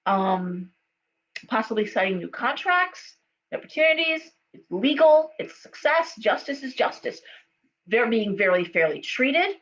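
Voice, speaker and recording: A woman's voice: fairly high pitch, big pitch swings, unhurried, a bit bright. A middle-aged woman giving a live tarot reading, chatty and storytelling, with frequent okays and ums. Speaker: tarot reader. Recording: dull lo-fi sound with faint hum.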